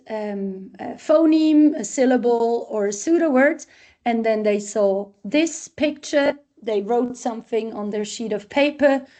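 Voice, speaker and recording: Woman researcher explaining with a soft dark tone. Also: on the high side. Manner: explains step by step, walking through examples. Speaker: researcher presenting a literacy tool. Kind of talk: research talk with demonstrations.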